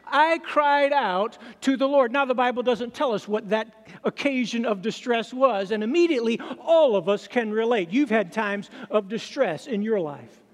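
A male pastor delivering a sermon in a church sanctuary, his voice sitting unusually high. He reads scripture slowly and dramatically, pausing long between phrases. His words ring out with a long reverb through the hall. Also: animated.

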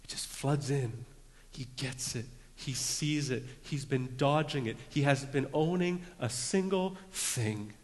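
A man's voice: mid-range voice, slow pace. Man preaching in a reverberant hall. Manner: earnest preaching, dropping to a hush for emphasis. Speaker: pastor. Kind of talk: sermon.

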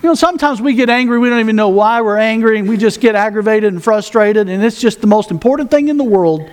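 A man's voice: sits high, fast talker, darkish tone, clear, resonant tone. A man pastor preaching a sermon, folksy with joking asides, reading scripture aloud.

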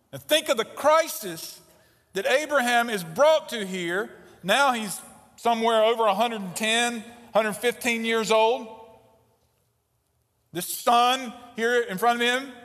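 A male pastor delivers a sermon with emphatic preaching, pressing hard on key words and dropping into quiet asides. His voice sits a bit high for a man. The sound carries a long reverb of a church hall. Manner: emphatic preaching, swings between loud stresses and quiet asides. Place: church sanctuary.

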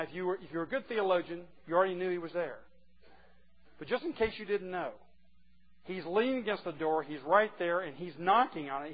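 A man preaching a sermon to a group of men, earnest and moving between hushed and emphatic delivery. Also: high voice. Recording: muffled lo-fi recording.

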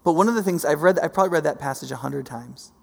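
A man preaching a sermon, animated, swinging from soft to loud and often repeating himself. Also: a little high, fast. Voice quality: gravelly. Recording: long hall reverb.

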